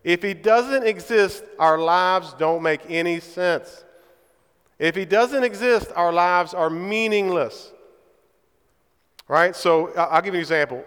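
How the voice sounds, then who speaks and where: A man's voice: high-pitched, measured pace, a bit bright, smooth. A man preaching a sermon in a church, speaking emphatically and often checking in with his listeners by asking "right?". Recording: reverberant hall.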